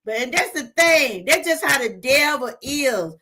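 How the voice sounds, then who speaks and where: Unhurried and expressive, a middle-aged woman from Georgia speaks in a high, sharp voice while hosting a casual livestream. She shares a heartfelt testimony with her viewers, talking to them directly and reading the chat.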